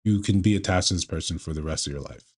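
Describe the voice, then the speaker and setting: Male commentator, low register, lecturing, restarts mid-sentence. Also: husky. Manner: measured, lecturing, with frequent restarts. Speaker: commentator reacting to a clip. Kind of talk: casual commentary.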